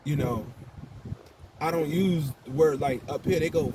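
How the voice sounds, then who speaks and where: Talking casually to his viewers, an older Chicago vlogger speaks at a moderate pace in a somewhat high voice over a very noisy recording. His monologue to camera is relaxed and slangy, peppered with "you know what I'm saying."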